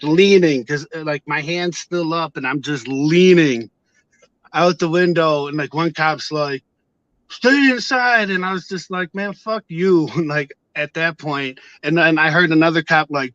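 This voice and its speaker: A man casually telling a story to his viewers on camera, heated and profane, acting out shouted exchanges. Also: a little high, dry recording, muffled recording. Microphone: camera mic.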